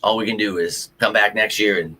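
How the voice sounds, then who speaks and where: A man's voice: lowish voice, steady tone, a little fast, sharp tone. A man hosting a sports livestream, talking casually to his viewers, frustrated and ranting with some cursing. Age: adult with a child. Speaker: sports show host.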